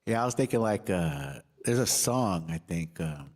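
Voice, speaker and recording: A man's voice: low-pitched, animated, normal speed, darkish tone. A man co-hosting a livestream, talking in a rambling, casual way full of fillers. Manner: rambling, lots of likes and ums. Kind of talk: casual chat.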